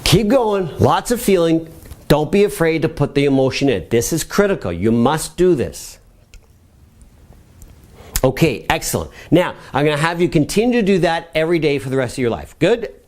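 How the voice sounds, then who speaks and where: A middle-aged man leads a motivational personal growth lesson for a web show. His voice sits a little high and swings widely in pitch. He coaches with energetic, repeated commands. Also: normal speed. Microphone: camera mic.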